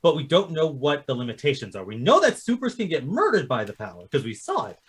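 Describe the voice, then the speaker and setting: A man with a slightly high voice rattles through a casual TV recap at speed. His pitch leaps around as he acts out the characters' lines. He swears freely and stays loose and conversational. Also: wildly swooping pitch, quick pace, slightly rough. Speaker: podcast co-host. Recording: livestream podcast.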